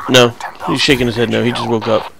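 A young man with a gravelly, fry-edged voice talks loosely over game footage. His commentary rambles and jokes, often crude, and he restarts his sentences a lot. His pitch sits in an ordinary middle range. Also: little pitch movement, fast talker, fairly bright tone, slight background noise. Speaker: gameplay commentator.

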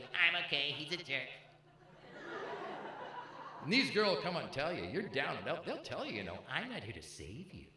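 Middle-aged guy doing brash stand-up, bright lively voice, echoey club. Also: mid-range voice, a little hiss or hum. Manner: brash, punchy, bantering with the audience. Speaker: stand-up comedian. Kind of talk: stand-up comedy. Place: comedy club stage. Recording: echoey live room with faint ambience.

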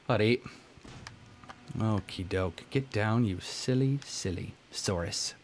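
A young man hosting a let's-play, commenting on the game in a goofy, self-mocking way with sudden loud outbursts. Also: fairly low pitch, takes it slowly, a little hiss or hum. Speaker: gaming let's-play host. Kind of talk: casual gameplay commentary.

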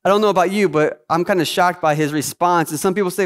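A man's voice: high voice, fast. A male pastor preaching a sermon with energy and emphasis, throwing out rhetorical questions to his church.

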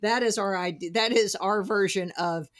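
A woman's voice: medium pitch, moderate pace. A woman from New Jersey with a picked-up Southern accent, hosting an interview in a chatty, storytelling way with playful asides. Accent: Southern US picked up over New Jersey. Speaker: podcast host. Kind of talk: conversational interview.

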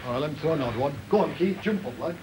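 A gruff man training a wrestler in a gym, barking orders and encouragement. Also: on the high side, animated, rapid-fire. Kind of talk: coaching in the ring. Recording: noisy 1980 TV documentary sound.

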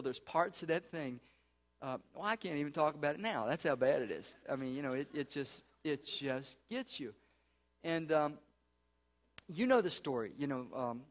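A middle-aged man preaching a sermon as a pastor in a church, earnest and conversational, with restarts and casual asides. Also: a little high. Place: church sanctuary.

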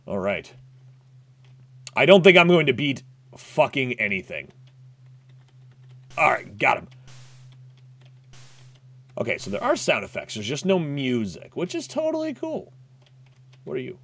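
An excitable man talks his way through a retro game, his voice swooping up and down. He swears freely and yelps when things go wrong, mixing casual chatter with loud outbursts. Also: medium pitch, normal speed, creaky, long pauses. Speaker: gaming YouTuber. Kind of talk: let's play commentary.

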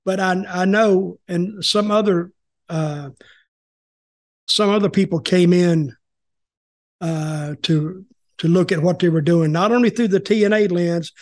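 Speaking at a measured pace with frequent pauses, an older man uses a high, darkish voice to host an informal chat. He tells wandering wrestling stories, repeating words, restarting, and quoting people's lines.

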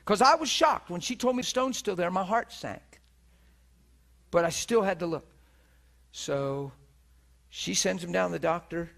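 A man preaches with a high, bright voice into a handheld mic. He tells his story in an animated way and acts out the other people in it. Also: measured pace, vocal fry, long pauses. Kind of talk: storytelling sermon. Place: teaching hall before an audience.

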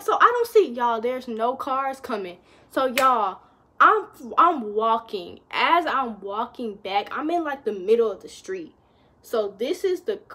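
A young woman tells a story to her viewers in a relaxed, unhurried way. Her voice sits a little high, and she keeps the telling chatty, turning to the audience again and again as she goes. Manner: chatty, addresses viewers as y'all, lively retelling. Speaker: vlogger. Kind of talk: casual storytime.

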